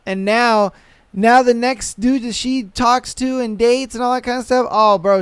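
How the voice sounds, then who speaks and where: A man's voice: very high voice, moderate pace, clear, resonant tone, no echo. Young guy ranting on his podcast, annoyed and swearing a lot, dry close sound. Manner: exasperated, profane, animated. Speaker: podcast host. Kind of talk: casual reaction rant.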